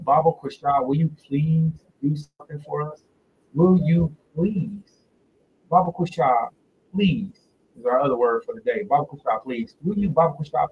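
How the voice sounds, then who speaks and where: A man leads a laid-back religious teaching over a livestream. He chats loosely and drags out repeated words, with a voice pitched a little high. He sounds set back from a phone mic, dull-toned, with faint hiss underneath. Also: darkish tone, distant mic. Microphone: phone directly in front of him.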